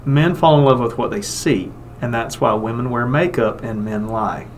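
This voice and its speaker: A man's voice: mid-range voice, moderate pace, slight background noise. A man co-hosting a radio morning show, telling jokey stories. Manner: joking storyteller. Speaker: radio co-host. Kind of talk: casual radio banter.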